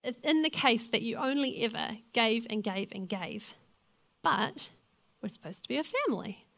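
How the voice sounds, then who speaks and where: A woman's voice: a little high, animated, normal speed, creaky, fairly bright tone. A young woman gives a sermon as a lay preacher, speaking in an earnest, conversational way and weaving in personal stories. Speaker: lay preacher and youth leader.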